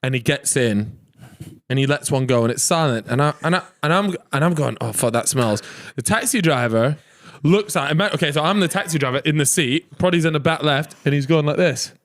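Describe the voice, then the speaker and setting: A young man on a podcast, telling a story in casual chat, animated, laughing often and swearing freely. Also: a little high, brisk. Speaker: podcast co-host.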